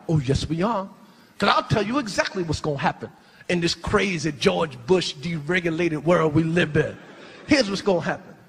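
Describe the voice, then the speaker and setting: A man doing a stand-up comedy routine on a large theater stage, loud and animated, shouting his punchlines into a handheld mic. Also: sits high, in a large hall. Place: large theater stage before a laughing audience. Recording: live concert recording with crowd noise.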